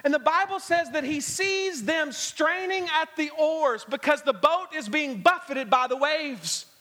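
A man's voice: very high voice, a little slow, bright, forceful tone, big-room sound. A man preaching a sermon as guest pastor, telling the story with humor and acting out the scenes. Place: church sanctuary. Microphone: handheld or stage microphone.

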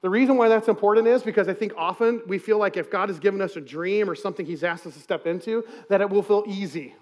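A man's voice: high-pitched, quick pace, darkish tone. A man preaching a sermon as pastor, conversational and earnest, acting out quoted asides.

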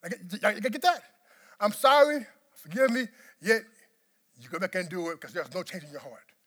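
A man preaching a sermon as pastor, swinging from quiet, low talk to shouted emphasis and repeating words to drive points home. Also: very animated, fairly quick, breathy edge.

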